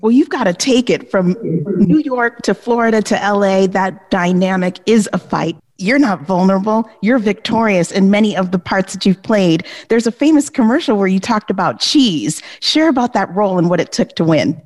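A woman's voice: mid-range voice, expressive, moderate pace, darkish tone. A woman hosting an interview who asks questions and encourages her guest with short remarks. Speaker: interviewer, host. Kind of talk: conversational interview.

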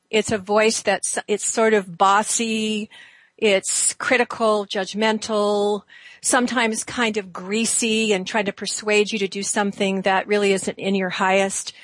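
A woman hosting a talk show, leading listeners through a slow, soothing guided exercise with drawn-out phrases. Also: medium pitch, a bit bright, no echo. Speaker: host.

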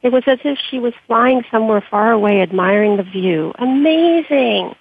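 Heard over a dry, tinny line that sounds like a phone, an author reads her memoir quietly and deliberately before taking interview questions. Her husky voice sits in the mid range, with no room sound.

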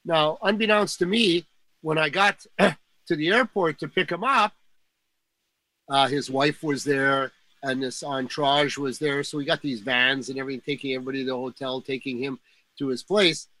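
An older man recounts stories in a rambling, filler-heavy way. His voice is bright and fairly high for a man. The sound is dry and close. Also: steady tone, normal speed, dry recording, low-quality recording. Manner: rambling, many fillers and restarts. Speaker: guest storyteller. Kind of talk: casual anecdote telling.

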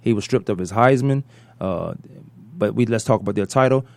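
A man hosting a sports talk radio show, rambling through animated opinions and correcting himself as he goes. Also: fairly low pitch, brisk, creaky, no echo.

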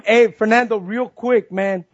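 A man's voice: high voice, fairly even intonation, a little slow, highs cut off, crowd noise. A male host chatting casually with a guest, laughing often and dropping in Spanish words. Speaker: show host. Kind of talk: casual interview chat.

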